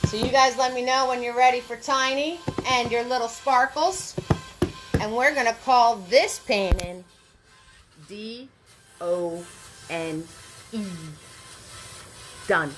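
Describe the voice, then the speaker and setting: A woman's voice: fairly high pitch, takes it slowly, pauses often, over music, low-quality recording. A woman leading a live painting class, chatty and encouraging, greeting viewers as she goes. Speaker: paint party instructor. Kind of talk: live online painting lesson.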